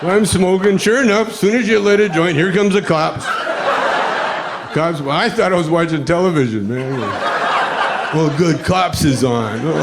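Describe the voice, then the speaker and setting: A man's voice: on the high side, moderate pace, very noisy. An older man doing stand-up comedy, telling rambling, laid-back stories with chuckles. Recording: live comedy record with loud audience.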